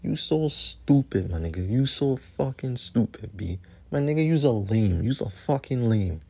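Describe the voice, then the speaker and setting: A man hosts his podcast alone, ranting angrily with heavy swearing. He hammers his points by repeating phrases again and again. His voice has a mellow, darker tone. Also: medium pitch, lively intonation, moderate pace, creaky, husky. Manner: angry, profane, repeats phrases for emphasis. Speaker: podcast host. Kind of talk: heated solo rant.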